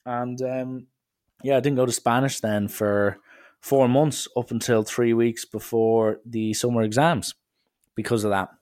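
A man's voice: medium pitch, steady tone, a little slow, a little mellow. Irish man telling a rambling story. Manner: rambling, self-mocking. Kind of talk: casual storytelling.

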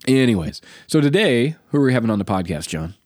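Podcast co-host, male, American, fast and lively storyteller, dry close sound. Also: mid-range voice, no room sound. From United States. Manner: animated storyteller, acts out quotes. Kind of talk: casual podcast chat.

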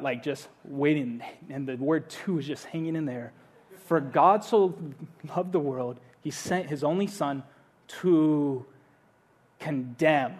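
Man, young adult, pastor, high voice, casual sermon, animated storytelling.

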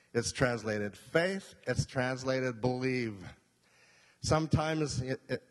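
A male pastor preaching a sermon, emphatic, repeating key points and asking the congregation questions. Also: mid-range voice. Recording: long reverb of a hall.

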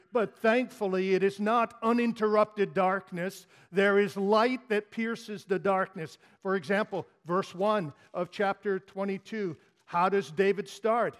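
A man preaching a sermon, moving between fervent declarations and hushed, heavy passages. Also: high voice. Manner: slow, dramatic delivery swinging from loud declarations to hushed near-whispers.

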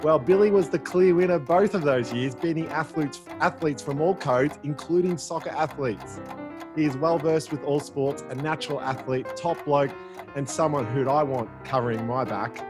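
A man pitching his argument on a sports podcast with a fairly high voice, bantering eagerly with his co-hosts. Faint music plays under him. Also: normal speed. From Australia. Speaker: podcast co-host. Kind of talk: casual sports debate.

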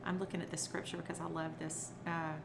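A woman's voice: fairly low pitch, fast, vocal fry. A middle-aged woman, a children's entertainer, chatting as a podcast guest and animatedly acting out stories. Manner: animated storyteller who acts out quotes. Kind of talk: casual interview chat. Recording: noisy background.

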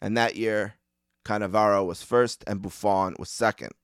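A man with a Western New York accent hosts a sports podcast on his own, rambling and poking fun at himself between ums and uhs. His voice is smooth and clear and sits a little low. He is recorded dry and close, with no room sound. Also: fairly even intonation, normal speed, dry recording. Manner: rambling, self-deprecating, frequent ums and uhs. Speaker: podcast host. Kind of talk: casual solo monologue.

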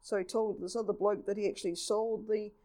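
A woman giving a lively local history talk, reading old newspaper reports and acting out quotes. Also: medium pitch, a little fast.

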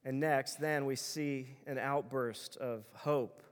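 Preaching slowly in a reverberant hall, this pastor drives home his sermon with earnest emphasis and repeated phrases. He has a mid-range voice.

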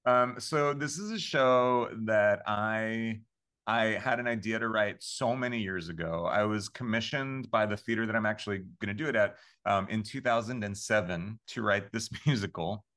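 Low-voiced man telling rambling stories. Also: normal speed, fairly bright tone. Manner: rambling, many fillers and restarts, laughs often. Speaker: composer and podcast guest. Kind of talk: casual interview storytelling.

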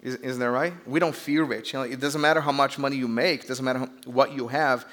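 A man's voice: medium pitch, steady tone, fairly quick, a bit bright. A man from Brazil with a Brazilian accent, preaching a sermon as pastor in a chatty, joking storytelling way with call-outs to the audience.

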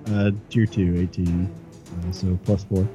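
A man playing a tabletop game, cheering excitedly. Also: deep voice, a little slow, over music. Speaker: player. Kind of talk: casual tabletop play.

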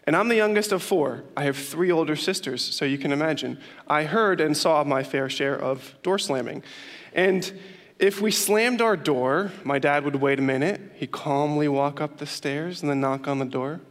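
A young man, a youth pastor, preaching a sermon and telling stories with lively emphasis and frequent laughs. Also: fairly high pitch, moderate pace. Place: church hall with long reverb. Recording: reverberant church hall.

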